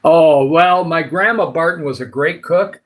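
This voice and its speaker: Older Michigan man, livestream host, meandering casual chat, filler-heavy, voice sits a bit high. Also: measured pace, poor audio. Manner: rambling, many filler uhs. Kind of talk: casual live chat with viewers.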